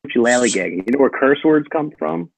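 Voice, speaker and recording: A man's voice: medium pitch, animated, fast, creaky, no room sound. A man in casual livestream banter, telling crude jokes.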